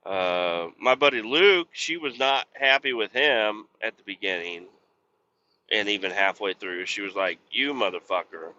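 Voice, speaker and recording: A man's voice: fairly low pitch, measured pace, pushed and bright. Rambling, cussing man in a dull lo-fi recording. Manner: rambling, profane, laid-back storytelling. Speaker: podcast host. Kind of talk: casual solo chat while driving. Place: truck cab on the road.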